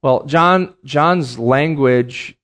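A man's voice: medium pitch, very slow, a bit bright. Man, middle-aged, Bible class lecture, mid-range voice, repeats key phrases. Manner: explains terms plainly, repeats key phrases, many ums and uhs. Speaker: Bible teacher.

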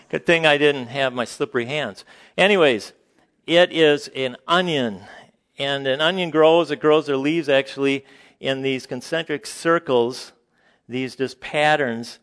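A man preaching a sermon to a congregation, conversational and halting, with frequent fillers and joking asides. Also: mid-range voice, a bit bright. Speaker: pastor.

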